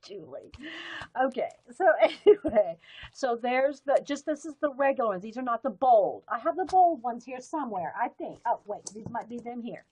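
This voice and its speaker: A woman's voice: a little high, animated, moderate pace, warm tone, husky, dry recording, poor audio. A woman, chatting casually on a live stream while sorting and showing her pens. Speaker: livestream host.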